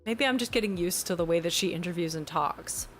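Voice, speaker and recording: A woman's voice: lowish voice, a little fast, soft background music. A young woman streaming from home, chatting casually with her chat in a rambling, giggly way that keeps correcting itself. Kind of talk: casual livestream chat, reacting to chat. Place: home, newly moved in.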